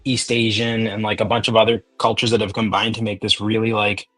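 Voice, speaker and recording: A man's voice: on the low side, flat delivery, a little fast, a bit bright, faint music behind. A man hosting a casual chat, rambling and joking through tangents.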